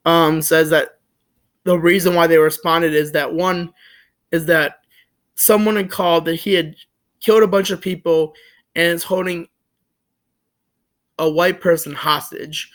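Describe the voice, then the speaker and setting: A young man casually telling a story to the camera, rambling with lots of fillers and restarts, joking and animated. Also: on the high side, a little slow, pauses often. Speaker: vlogger.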